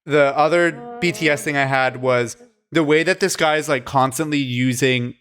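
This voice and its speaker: A man's voice: mid-range voice, normal speed, a bit bright. A man co-hosting a film podcast, talking casually and retelling scenes with lots of "like" and quoted lines. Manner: rambling retellings full of "like" and acted-out quotes. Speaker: podcast co-host.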